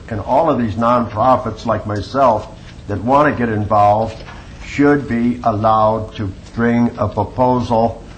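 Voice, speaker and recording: A man's voice: mid-range voice, rough recording. A man with a mid-range voice addresses a city council during public comment. He speaks bluntly and with emphasis. Faint background noise sits under the voice.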